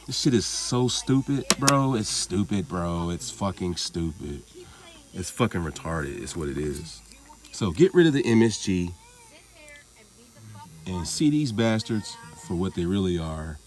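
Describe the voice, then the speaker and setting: A man with a lowish voice rambles through a casual vlog monologue. He swears freely and shrugs things off with a loose, offhand delivery. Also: big pitch swings, a little slow. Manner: rambling, profane, laughing it off. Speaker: vlogger.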